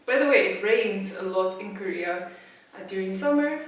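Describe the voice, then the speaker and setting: A woman telling a comedic personal anecdote as a storyteller, animated and self-mocking, with big swings in pitch and loudness. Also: moderate pace. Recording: very echoey room, from a distance.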